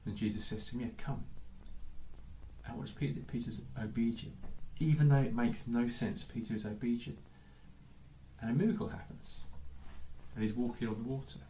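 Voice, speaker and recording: A man's voice: mid-range voice, fairly even intonation, a little fast, warm tone, slight background noise. An English man giving a sermon as pastor, thinking aloud with lots of questions and repeated "I don't know"s. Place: church hall. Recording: echoey church hall.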